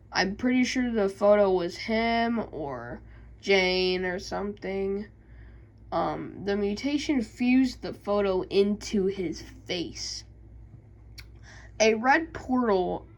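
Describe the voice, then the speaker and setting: A woman YouTuber reading game lore aloud with casual asides, halting and stumbling over words. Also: medium pitch, poor audio.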